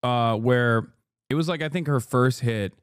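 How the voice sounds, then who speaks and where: A man's voice: mid-range voice, unhurried, clear, resonant tone, dry recording. Brief: male streamer, loose profane commentary, fillers everywhere, dead-dry sound. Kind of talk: casual reaction commentary.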